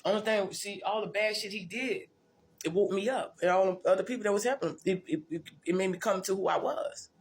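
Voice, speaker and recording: A woman's voice: mid-range voice, fairly quick. A woman tells her life story in a blunt, profane, rambling way, often restarting and repeating herself. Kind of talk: casual storytelling monologue.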